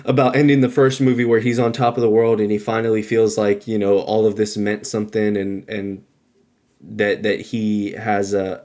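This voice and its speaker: A man co-hosting a podcast, giving a heated, profane movie review that swings from loud outbursts to low muttering. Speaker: podcast co-host. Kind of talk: casual ranting movie review.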